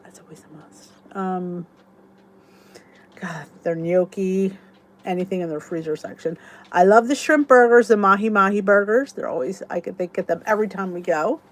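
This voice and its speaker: A middle-aged woman hosts her YouTube channel in a mid-range voice at normal speed. She chats with viewers casually and enthusiastically, rambling as she goes.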